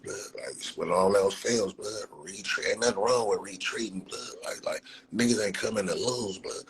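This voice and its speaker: Deep-voiced man, loose profane live chat. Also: brisk, a little hiss or hum, rough recording. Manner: loose and profane, streetwise slang, frequent laughter. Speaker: livestreamer. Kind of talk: casual livestream chat.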